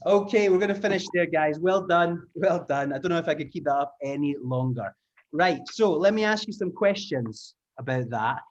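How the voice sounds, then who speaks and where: A man's voice: fairly high pitch, lively intonation, moderate pace. Upbeat male trainer on a muffled call. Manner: upbeat, encouraging, explains step by step. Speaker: English teaching trainer. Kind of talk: online taster class. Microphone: video call. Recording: muffled video-call audio.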